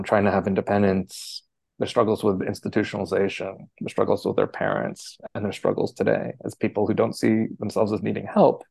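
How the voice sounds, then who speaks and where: Low gravelly man, halting and thoughtful. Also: warm tone, no room sound. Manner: thoughtful, hesitant, many fillers and restarts. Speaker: architecture scholar, interviewee. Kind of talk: conversational interview answers.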